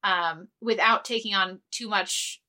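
This podcast co-host speaks at medium pitch, unhurried, in a pushed, bright tone. She's earnest and easily moved, rambling through a casual conversation full of fillers and restarts.

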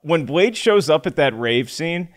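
A man's voice: a little high, lively intonation, measured pace. A man hosting a movie podcast, making his points in an analytical, emphatic way. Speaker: podcast host. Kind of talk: movie review discussion.

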